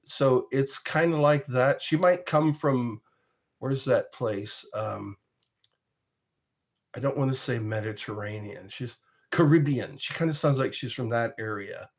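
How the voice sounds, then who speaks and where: In a vlog, a man tells rambling, casual stories in a mid-range voice at a slightly slow pace. He chuckles often and breaks off mid-sentence.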